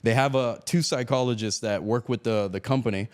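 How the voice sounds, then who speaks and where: A man's voice: medium pitch, brisk, clean tone. A man from Miami, a guest on an interview podcast, telling a story with lots of laughter and acted-out quotes. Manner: animated storyteller acting out quotes, laughs often.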